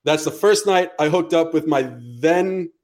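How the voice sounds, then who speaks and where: On a casual podcast, a young American co-host tells a long story, cursing freely and performing every line of dialogue. His voice is a little high with a darkish tone, and he takes his time.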